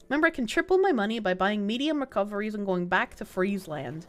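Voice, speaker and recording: Lively, profane young woman streamer. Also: medium pitch, quick pace, hardly any pauses. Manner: casual, profane, joking with chat. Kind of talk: live game stream chat.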